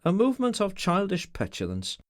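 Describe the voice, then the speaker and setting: A man voicing a strained, courteous gentleman. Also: high voice, wildly swooping pitch, fairly quick, pitched above the performer's own voice. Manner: formal, strained, raised delivery. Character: troubled, courteous middle-aged gentleman.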